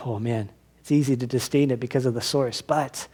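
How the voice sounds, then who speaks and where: Male pastor, earnest sermon delivery, medium pitch, conversational restarts. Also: steady tone, brisk, hardly any pauses, darkish tone, slightly rough. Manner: earnest, exhorting, with frequent restarts. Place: church service.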